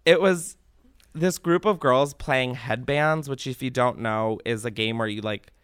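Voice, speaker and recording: A young man hosting a podcast, chatting casually and ranting with animated, profane exasperation. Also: mid-range voice, measured pace, clear, resonant tone, no room sound, clean studio sound. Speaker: podcast host.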